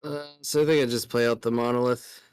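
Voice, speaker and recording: A tired man works through card game decisions out loud, hesitating and second-guessing his moves. His middle-pitched voice is recorded very dry and close, with no room sound around it. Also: fairly even intonation, a little fast, clean tone, dry recording. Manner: hesitant, thinks aloud with fillers and restarts. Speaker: guest player in a card game. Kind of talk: casual gameplay discussion.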